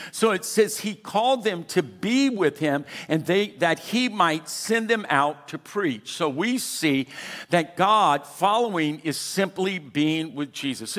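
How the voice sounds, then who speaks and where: A man's voice: sits high, a bit bright. A man in his sixties preaching a sermon as pastor, emphatic and urging his congregation to respond. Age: 60s. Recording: long hall reverb.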